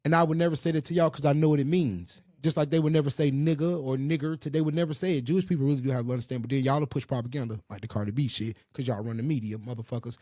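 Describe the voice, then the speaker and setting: A man hosting a podcast in loud, profane, rambling casual chat. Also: mid-range voice, steady tone, rapid-fire, hardly any pauses, no room sound, clean studio sound. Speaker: podcast host.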